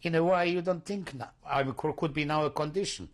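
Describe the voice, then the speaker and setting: An older man recounting his memories in an oral history testimony, speaking halting, broken English and often searching for words. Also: on the high side. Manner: non-native English, broken grammar. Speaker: interviewee.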